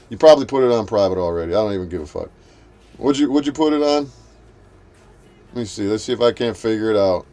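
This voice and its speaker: A man hosting a live stream, ranting at a rival and at trolls in a profane, confrontational, mocking way while greeting his chat. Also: on the low side. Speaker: livestream host.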